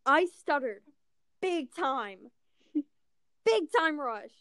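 A teenage girl chatting casually, telling animated stories and acting out what people said. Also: high-pitched, extremely slow, dry recording, studio quality. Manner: animated storytelling, acting out quotes. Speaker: storyteller. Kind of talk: casual chat.

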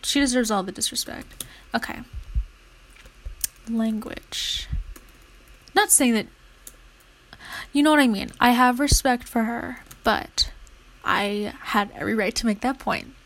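A young woman talks loosely as she studies, rambling from one thought to the next and filling the gaps with "like". Her voice sits a little high and carries a gravelly fry. Now and then she drops to a half-whisper as she mutters her notes. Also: moderate pace, fairly bright tone, low-quality recording. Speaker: vlogger. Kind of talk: casual chat while studying.

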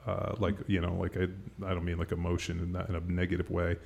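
Deep, gravelly and darkish with a breathy edge, this middle-aged podcast host talks quickly in a completely flat delivery. His casual chat meanders, stuffed with "like" and "you know," and laughter comes easily to him.

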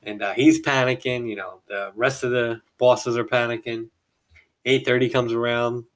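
A man's voice: mid-range voice, fairly even intonation, normal speed. Podcast host, man, mid-range voice, rambling casual storyteller who chuckles as he goes. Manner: rambling, chuckles mid-sentence, acts out quoted people.

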